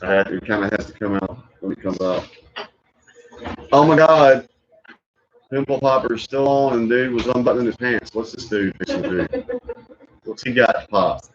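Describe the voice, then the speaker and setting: A man hosting a reaction stream, chatting casually and telling animated stories with frequent laughter. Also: medium pitch, moderate pace, pauses often, a little hiss or hum. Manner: animated storyteller who laughs often and slips into impressions. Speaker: stream host reacting to videos. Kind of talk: casual chat. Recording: muffled lo-fi audio.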